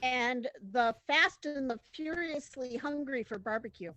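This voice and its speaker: A woman guest in a casual group video chat who reads her entries softly. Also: sits high, measured pace, poor audio.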